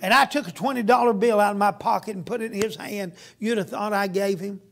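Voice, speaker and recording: A man's voice: high-pitched, fairly even intonation, fast, creaky, fairly bright tone. A man preaching a sermon as a guest preacher, telling a story in a folksy storytelling way.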